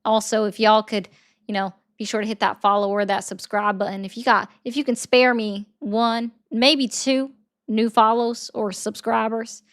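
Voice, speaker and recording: Chatty woman streamer with a smooth voice. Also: a little high, steady tone, moderate pace. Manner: chatty, rambling, reads viewer comments aloud. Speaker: livestream host. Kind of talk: casual livestream chat.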